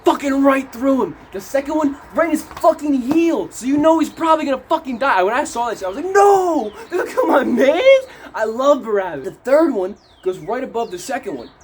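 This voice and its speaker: A young man recapping a movie in a casual vlog, animated and profane, acting out scenes as he talks outdoors in cold wet weather. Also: very high voice, a little fast, hardly any pauses, a little hiss or hum. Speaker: movie reviewer.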